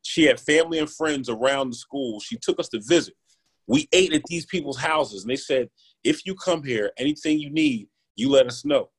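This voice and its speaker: A man, a podcast guest telling his story in a lively, conversational way, often checking in with "right?". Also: medium pitch, moderate pace, breathy edge. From Philadelphia, USA. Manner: animated, keeps asking "right?", acts out quotes. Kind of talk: casual interview storytelling.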